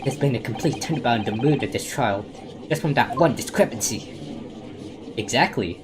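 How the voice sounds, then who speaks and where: A woman's voice: a bass voice, expressive, normal speed, background noise, voice pushed down. A woman reading an earnest young defense lawyer.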